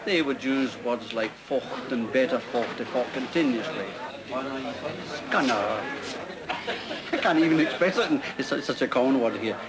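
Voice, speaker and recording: A man's voice: mid-range voice, normal speed, a crowd in the background, low-quality recording. A man with a southwest Scottish accent, a dialect scholar explaining words in a chatty, repetitive way. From southwest Scotland. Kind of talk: explaining to interviewer.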